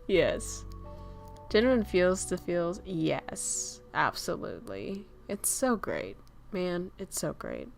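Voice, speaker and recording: A woman's voice: lowish voice, big pitch swings, extremely slow, creaky, pauses often, soft background music. A woman hosting a casual chat stream, joking and rambling, laughing often and swearing casually. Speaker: streamer host.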